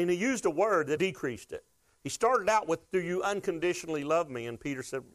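A middle-aged man preaching a sermon in a conversational style, building to emphatic peaks and dropping to hushed asides. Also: a little high, animated, brisk. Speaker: pastor.

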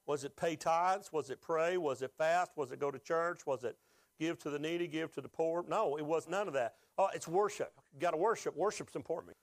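A man's voice: fairly high pitch, a little fast, no room sound. A pastor preaching a sermon, asking the congregation questions and rising with emotion as he is moved.

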